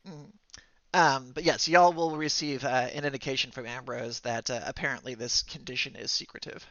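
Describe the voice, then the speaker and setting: Halting gravelly game master, a man. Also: mid-range voice, steady tone, a bit bright, no echo, lo-fi sound. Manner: halting, full of fillers and restarts. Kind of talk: narrating a tabletop game.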